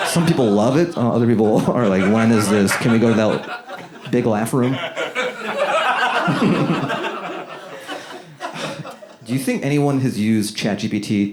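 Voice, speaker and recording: A man's voice: medium pitch, very noisy. A man doing a loose, riffing stand-up comedy set in a small room with a live audience. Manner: loose, riffing, lively, swears freely. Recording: echoey room, audience laughter.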